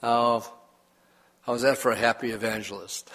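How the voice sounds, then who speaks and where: A man's voice: medium pitch, slow pace, long pauses. An older male pastor delivering a sermon in an easygoing, folksy way. He reads scripture aloud and drifts into personal stories. He leans hard on key words for emphasis. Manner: folksy storytelling preacher, lively emphasis.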